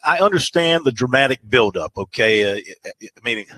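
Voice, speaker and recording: A man hosting a sports talk radio show. He talks in a loose, rambling way, stopping and restarting with lots of ums and uhs. His pitch sits at an ordinary middle level. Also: lively intonation, moderate pace, pushed and bright, dry recording, low-quality recording. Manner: rambling, hesitant, many fillers.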